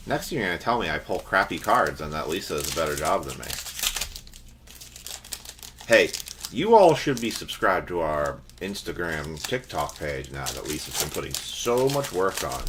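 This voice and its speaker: Deep-voiced joking card-break host. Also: male voice, big pitch swings, moderate pace, noisy background. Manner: joking, teasing, chatty. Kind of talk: casual livestream banter.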